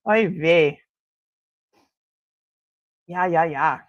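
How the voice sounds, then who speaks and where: A woman's voice: mid-range voice, dry recording, dull audio. A middle-aged woman hosting a casual morning livestream chat, gushing and laughing often as she reads viewer comments. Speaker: livestream host.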